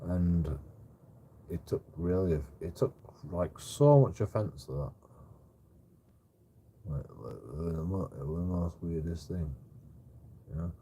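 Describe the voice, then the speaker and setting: A man's voice: low voice, animated, measured pace, long pauses, dark tone, husky. A man telling a rambling story in casual chat, stammering over repeated words and swearing a lot. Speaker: streamer. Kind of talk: casual anecdote.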